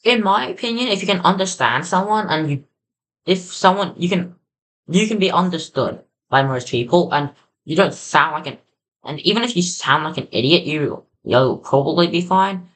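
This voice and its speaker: An Australian-accented streamer gives loose reaction commentary. The talk comes in halting bits, full of restarts and self-corrections. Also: medium pitch, lively intonation, fairly bright tone, poor audio. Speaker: livestreamer learning Russian.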